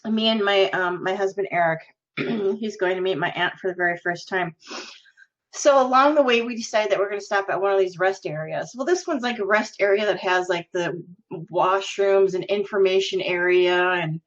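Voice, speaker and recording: A woman's voice: medium pitch, moderate pace. A woman hosting a podcast, telling a story in a casual, giggly, chatty way. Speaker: podcast host. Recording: lo-fi recording.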